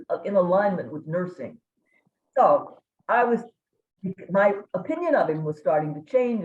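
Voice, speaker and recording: An older woman from Kentucky giving a guest lecture, telling a humorous story with dramatic pauses. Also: medium pitch. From Kentucky, USA. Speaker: guest speaker. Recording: echoey room, tinny phone-like sound.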